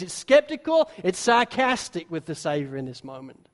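A man preaching a sermon, now and then acting out the disciples' words in quick little voices. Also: sits high, sing-song, a bit bright. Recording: long hall reverb.

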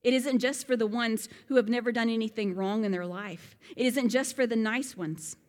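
A woman giving a Bible lesson, animated and fond of rhetorical questions. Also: fairly high pitch, moderate pace, long reverb tail. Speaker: Bible teacher. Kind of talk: sermon-style Bible lesson.

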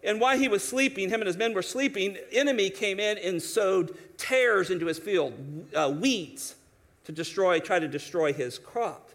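Male pastor, higher-pitched voice, lively sermon delivery with restarts. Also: normal speed. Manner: animated preaching with quoted voices and restarts.

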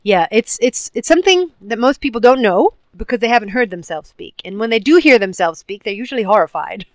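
A woman speaking coach giving advice in an interview, in a measured, deliberate way. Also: mid-range voice, animated, no room sound.

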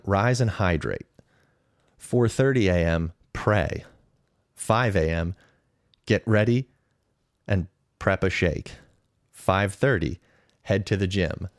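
A man's voice: sits low, no room sound, studio quality. A man in his thirties giving casual, opinionated podcast commentary, weighing pros and cons in a conversational way. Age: 30s. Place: podcast studio.

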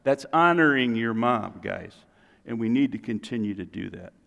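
A middle-aged man preaching a sermon as pastor, lively and joking, building to emphatic peaks. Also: on the low side, moderate pace, creaky. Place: church sanctuary. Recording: long reverb of a large hall.

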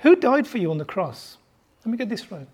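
A preacher from Birmingham, England, with a softened Birmingham accent, delivering a sermon and putting questions to the congregation, often repeating words while thinking. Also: medium pitch, sing-song, brisk, slightly rough. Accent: softened Birmingham English.

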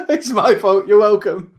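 Man chiming in on a podcast. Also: high voice. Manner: brief interjections, laughs along. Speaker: podcast co-host. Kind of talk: casual podcast chat.

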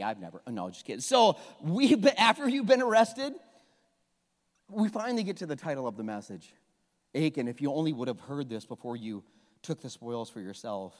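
A pastor in his forties preaching a sermon, animated and joking as he acts out the people in the story. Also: medium pitch. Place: church hall. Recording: long reverb of a church hall.

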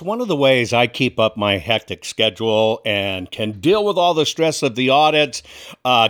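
A man's voice: medium pitch, a bit bright. A man hosting his own political commentary show, talking emphatically and sarcastically and addressing viewers as folks. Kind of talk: opinionated commentary monologue.

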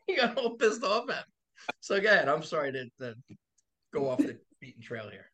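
Bright, animated man telling stories. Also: on the high side, moderate pace, pauses often. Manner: animated, profane, laughs through stories, acts out voices. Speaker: body shop owner and podcast guest. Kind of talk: casual storytelling chat.

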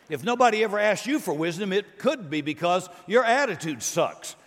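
Animated preacher in a reverberant church. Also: male voice, high voice, normal speed, few pauses, some chatter behind. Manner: animated preaching with acted-out voices and jokes. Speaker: pastor. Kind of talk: sermon.

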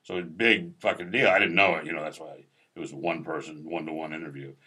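Low-voiced male actor, bright forceful tone, profane, rambling chat. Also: steady tone, fast talker, breathy edge. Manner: profane, rambling, laid-back storytelling. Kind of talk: casual storytelling chat.

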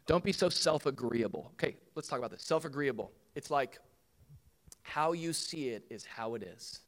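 A pastor in his thirties delivers a sermon at a brisk clip, talking conversationally. He acts out quoted voices with big jumps in pitch.

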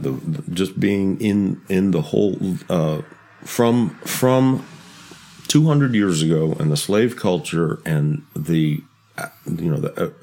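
Man, very deep voice, casual podcast storytelling, halting, searches for words. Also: a little mellow. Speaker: podcast co-host.

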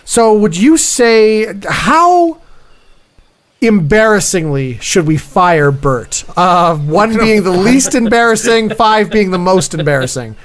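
A man's voice: high voice, lively intonation, slow pace. A man playing a petty call review supervisor. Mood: deadpan. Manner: rambling, hesitant, full of 'uh'. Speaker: improviser. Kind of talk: improv comedy scene.

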